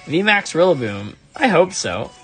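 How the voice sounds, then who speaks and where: A man chatting casually on a live stream while opening trading cards, excitable and prone to high exasperated yelps. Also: a little slow, soft background music. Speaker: live-stream card opener.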